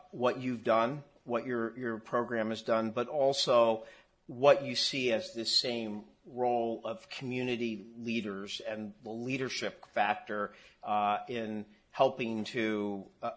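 Moderator: man, halting, rambling questions with many restarts. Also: medium pitch, a bit bright. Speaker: panel moderator. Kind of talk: conference panel moderating.

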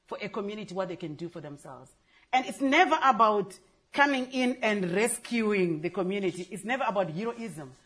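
Panel speaker: woman, earnest and emphatic, repeats key phrases. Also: medium pitch. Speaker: panel speaker for a girls' education charity. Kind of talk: conference panel talk.

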